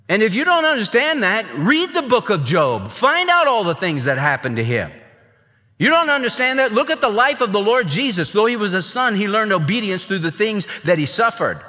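Male pastor preaching, lively swooping pitch, bright ringing tone, long room reverb. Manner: emphatic, animated preaching with acted-out quotes. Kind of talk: sermon.

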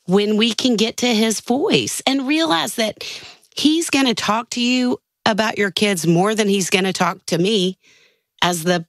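A woman co-hosting a casual conversation, affirming the others and reading a passage aloud slowly. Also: medium pitch, no echo. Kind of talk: casual chat.

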